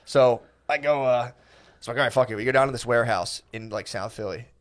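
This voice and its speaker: A young man telling a profane, animated comedy story on a podcast, acting out the quoted lines. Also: medium pitch, fast. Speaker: podcast guest.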